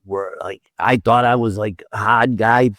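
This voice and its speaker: A man with a low voice recounts a story in loose, casual talk, tripping over his words and restarting often. He acts out what each person said and swears freely. The sound is dry and close. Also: steady tone, a little slow, fairly bright tone, no echo. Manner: rambling, stammers and repeats, acts out quoted dialogue with frequent swearing. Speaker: podcast guest.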